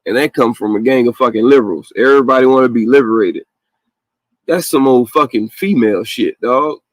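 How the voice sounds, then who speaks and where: Dude ranting on a late night call-in show, heavy cussing, aave, medium voice, dry close mic. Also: male voice, mid-range voice, no echo. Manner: profane, animated ranting with laughs.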